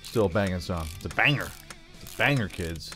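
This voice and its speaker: A man's voice: low voice, lively intonation, fairly quick, bright, forceful tone, soft background music. A man giving casual, rambling commentary over a game, full of playful asides. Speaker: gaming YouTuber.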